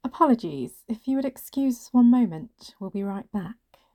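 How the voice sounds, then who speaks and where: A woman's voice: fairly high pitch, expressive, moderate pace, warm tone, no room sound, pitched above the performer's own voice. A woman voicing a brash, curt businesswoman. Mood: clipped politeness. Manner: curt, commanding. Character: brash, aggressive businesswoman colleague.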